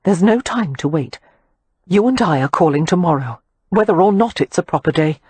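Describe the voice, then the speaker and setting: A woman's voice: fairly low pitch, expressive, moderate pace, darkish tone, husky, dry recording. A woman voicing a responsible, protective eldest sister who speaks in a firm, take-charge way in an audiobook.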